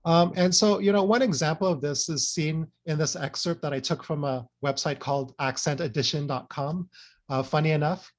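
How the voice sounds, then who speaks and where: A man's voice: fairly high pitch, normal speed. A man giving an academic presentation, explaining points earnestly and checking in with frequent "right?" and "you know" tags.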